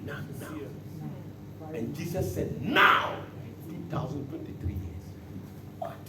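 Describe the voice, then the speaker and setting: A man preaching a sermon as pastor, bursting into shouts and acting out the words he quotes. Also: a little high, a little slow, very noisy. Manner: animated preaching with sudden shouts and dramatic quotes. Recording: echoey hall from far off.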